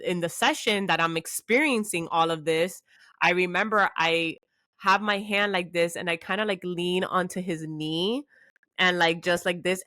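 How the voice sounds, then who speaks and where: Chatty woman, lowish voice. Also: no room sound. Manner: animated storytelling, says "like" a lot. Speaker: podcast co-host. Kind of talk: casual chat.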